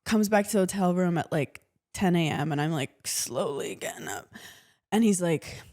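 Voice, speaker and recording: A woman's voice: lowish voice, normal speed. A woman, co-hosting a podcast and telling funny stories in a casual chat, often laughing. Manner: animated storytelling with frequent laughter. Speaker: podcast co-host.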